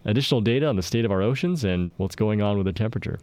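A man presenting a science news summary on a radio show, briskly and with some "uh" fillers, in a studio. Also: lowish voice, lively intonation, darkish tone, no room sound. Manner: brisk, slightly halting with "uh" fillers.

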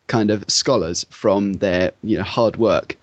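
A man's voice: fairly low pitch, no room sound. A man co-hosting a podcast, chatting casually and teasing his co-host with puns. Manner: playful, teasing, quick to laugh.

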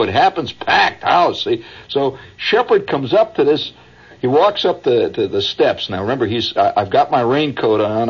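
A radio host with a mid-range, slightly rough voice tells a rambling anecdote, chuckling and adding asides along the way. The recording sounds like a dull old broadcast.

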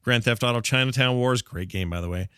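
A man hosts a casual gaming news show, rattling through stories with quick sarcastic asides. His voice sits mid-range in pitch. The recording is dry and close, with no room sound. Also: a bit bright, clear, resonant tone, no echo. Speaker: podcast host.

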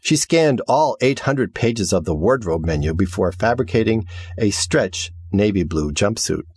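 Brief: male audiobook narrator, low and husky, lively expressive reading, dry close mic. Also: measured pace, dry recording. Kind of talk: scripted narration.

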